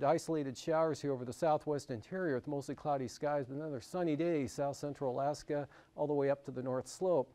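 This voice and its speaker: A man's voice: medium pitch, dark tone. A man with an American accent presenting a broadcast marine and weather forecast, talking it through loosely with frequent fillers.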